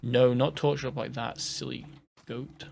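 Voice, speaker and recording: A man's voice: medium pitch, steady tone, a little slow, creaky, heavy background noise. A man from the UK rambling through casual gameplay commentary, jokey and self-mocking, sometimes sinking to a whisper. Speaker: gaming host.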